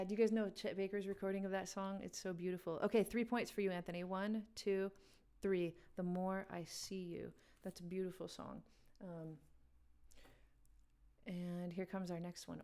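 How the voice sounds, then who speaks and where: A woman's voice: fairly low pitch, level tone, moderate pace, mellow. Chatty woman hosting a music game. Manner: chatty, laughing, talks to chat. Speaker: livestream game host. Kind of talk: casual livestream chat.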